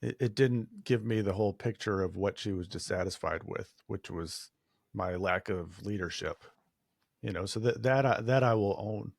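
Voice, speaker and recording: A man speaking as a relationship coach on a podcast, in a measured and thoughtful way. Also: on the low side, vocal fry, dry recording, studio quality. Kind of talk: casual podcast chat.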